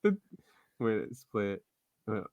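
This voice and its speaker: Podcast co-host, relaxed male, chuckly, dry close sound. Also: lowish voice, unhurried, dry recording, lo-fi sound. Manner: laid-back, laughing often. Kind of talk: casual chat.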